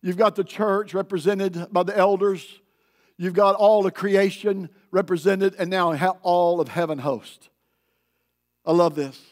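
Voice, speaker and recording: High-voiced man preaching a sermon. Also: fairly even intonation, measured pace. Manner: preaching with call-and-response to the congregation; rises to loud, emphatic declarations. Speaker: pastor. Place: church sanctuary.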